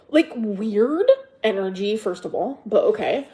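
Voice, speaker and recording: A woman's voice: medium pitch, lively intonation, a little slow, mellow. A woman hosting a livestream, exasperated and defensive, swearing freely and hammering viewers with repeated rhetorical questions. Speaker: livestream host. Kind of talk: ranting livestream chat to viewers.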